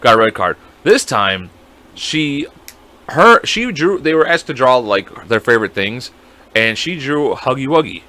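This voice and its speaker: A young man co-hosting a podcast in casual chat, animated and profane, acting out voices as he tells stories. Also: mid-range voice, a little slow. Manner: animated, swears a lot, acts out voices. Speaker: podcast co-host.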